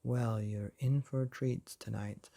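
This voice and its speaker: A man's voice: medium pitch, steady tone, unhurried, gravelly, dark tone. A man hosting a bedtime story podcast, reading a chapter aloud in a cosy, theatrical storytelling manner. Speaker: bedtime story narrator and host.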